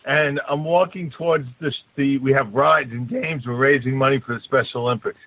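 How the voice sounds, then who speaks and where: Animated husky New storyteller man. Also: medium pitch, normal speed, no echo, rough recording. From New York. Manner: animated, acts out voices in his anecdotes. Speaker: radio show co-host. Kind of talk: storytelling on a call-in radio show.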